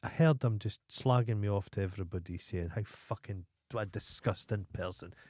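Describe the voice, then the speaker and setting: A man's voice: fairly low pitch, brisk, darkish tone, no room sound, clean studio sound. A Scottish man co-hosting a casual podcast, telling stories in a blunt, profane way. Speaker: podcast co-host.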